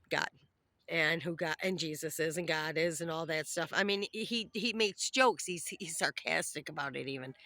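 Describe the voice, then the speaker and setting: Brief: woman vlogger, irritable rambling monologue, low-ish voice, dry close sound, outdoors by a pond. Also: pushed and bright, no echo. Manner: irritable, cranky venting. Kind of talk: casual rambling monologue to camera.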